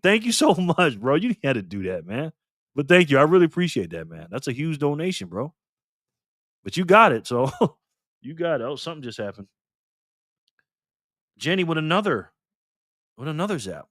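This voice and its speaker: Sitting solo at his desk with a mic aimed toward the camera, an older male livestream host cheerfully welcomes viewers by name and reads out donations with thanks. He speaks fairly high and fairly bright, recorded at studio quality without echo.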